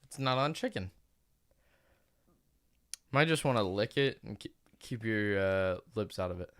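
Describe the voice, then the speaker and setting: A woman's voice: a bass voice, lively intonation, a little slow. A young woman hosting a casual podcast chat, blunt and teasing, swearing freely as she coaxes her sister. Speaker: podcast host.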